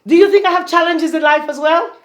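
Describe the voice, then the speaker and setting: A woman from Jamaica with a Jamaican accent, giving a lively inspirational talk to a group, laughing often and bursting into loud peaks. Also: very high-pitched, a little fast. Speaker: motivational speaker.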